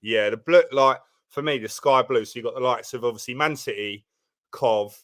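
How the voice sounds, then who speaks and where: A man's voice: mid-range voice, moderate pace, fairly bright tone. A man with a Southern English accent joining a live stream over a video call, laid-back and slangy with easy enthusiasm. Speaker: guest. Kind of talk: casual live stream chat.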